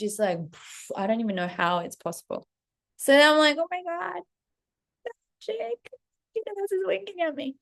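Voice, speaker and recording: A woman telling a casual story in a vlog, animated and swearing constantly as she acts out her own reactions. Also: mid-range voice. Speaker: vlogger, self-leadership coach. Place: Paris.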